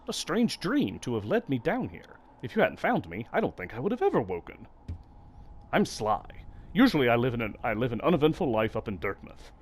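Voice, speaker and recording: A man's voice: mid-range voice, big pitch swings, fairly quick. A man voicing a friendly old male bug shopkeeper from a video game, speaking kindly and politely.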